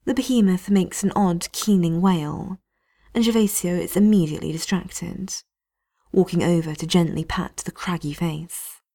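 A woman reading a story aloud in a hushed, often half-whispered delivery. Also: lowish voice, steady tone, normal speed, creaky. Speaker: narrator.

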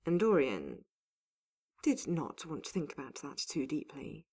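A woman narrating a fantasy story in an unhurried, even reading voice. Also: low-pitched, husky. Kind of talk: audiobook narration of fan fiction.

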